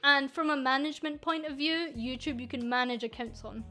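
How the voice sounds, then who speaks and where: A Scottish woman with a high voice answers chat questions on a casual livestream. She is frank and joking, trips over her words and fills gaps with "uh" and "like". Faint music plays underneath. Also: fairly quick, bright, forceful tone. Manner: frank, joking, full of fillers and restarts. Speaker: VTuber and agency manager.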